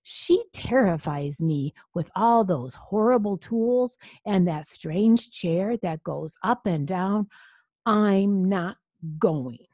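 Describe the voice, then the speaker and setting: A man's voice: sits high, animated, takes it slowly, darkish tone, no room sound, studio quality, exaggerated voice. A woman voicing a frightened, whiny male vampire with a sore fang, crying out dramatically in a storybook reading. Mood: terrified. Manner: shrieky, dramatic.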